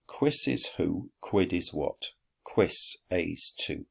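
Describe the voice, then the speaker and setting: A man teaching a Latin lesson, explaining slowly and deliberately with dry, wry asides. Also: low voice, lively intonation, vocal fry, fairly bright tone, breathy edge. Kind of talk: recorded classroom lesson.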